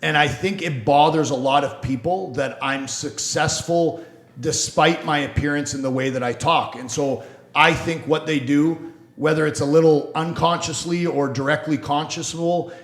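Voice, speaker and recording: A man hosting a casual sports and law talk show, speaking bluntly and swearing freely. His voice sits a little high. The room around him has a noticeable echo. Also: fairly even intonation, moderate pace. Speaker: podcast host, lawyer.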